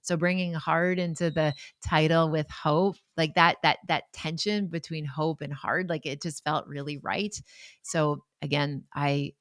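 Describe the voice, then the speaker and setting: A woman's voice: sits low, level tone, unhurried, dry recording, clean studio sound. A woman in her forties hosting a podcast on her own, talking in a chatty, enthusiastic way and wandering off into asides. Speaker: podcast host. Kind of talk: casual solo podcast talk.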